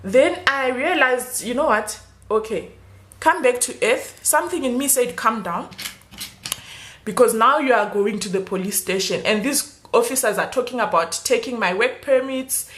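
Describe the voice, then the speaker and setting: A young adult woman telling a storytime vlog, animated and acting out the dialogue. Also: fairly high pitch, normal speed, reverberant. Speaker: YouTuber.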